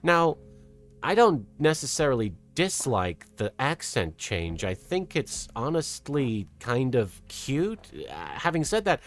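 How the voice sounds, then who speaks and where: A soft-spoken streamer with an English accent drifting toward American, chatting casually with a live chat and working toward a lighter, more feminine voice placement. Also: medium pitch, very animated, slow pace, faint music behind. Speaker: streamer and host. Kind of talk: casual livestream chat, reading out chat.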